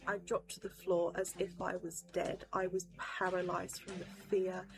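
A woman's voice: fairly low pitch, flat delivery, normal speed, vocal fry. A woman recounting a vision in an intense personal testimony.

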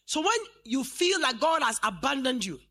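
A woman in her late fifties preaching a fervent sermon in church, quoting scripture and rising to shouts. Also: high voice, big pitch swings, normal speed, slightly rough. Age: 50s.

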